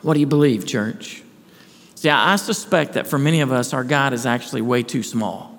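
A man's voice: medium pitch, normal speed. A man preaching a sermon to his church, earnest, asking rhetorical questions and restarting phrases. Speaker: pastor. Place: church sanctuary. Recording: long hall reverb.

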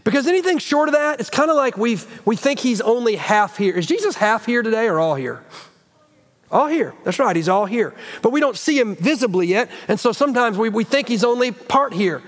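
A middle-aged man preaching a sermon as a guest speaker, folksy and animated, often restarting his sentences. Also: very high voice, brisk, hardly any pauses, long reverb tail. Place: church sanctuary.

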